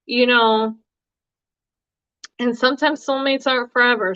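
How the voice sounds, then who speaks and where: A woman's voice: on the high side, a bit bright, dry recording. A woman hosting a casual live-stream as a tarot reader, chatty and often laughing between thoughts. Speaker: tarot reader and livestream host. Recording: dry, slightly dull sound.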